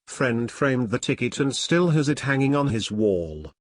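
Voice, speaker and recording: A man narrating online stories aloud in a steady, matter-of-fact reading voice. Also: medium pitch, unhurried, dry recording, clean studio sound.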